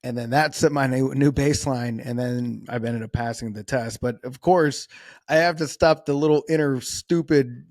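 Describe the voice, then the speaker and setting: A man with a mid-range, darkish voice hosts a solo podcast, speaking at a normal pace with fairly even intonation. The clean studio sound has no room noise. His talk is casual, rambling, and self-deprecating, with frequent restarts.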